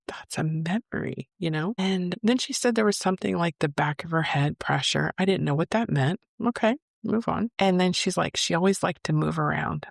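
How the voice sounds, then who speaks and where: A woman's voice: low-pitched, gravelly, dry recording, clean studio sound. A middle-aged woman, a psychic medium, telling a personal story in a chatty, emotional way. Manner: emotional, chatty, lively retelling with quoted voices.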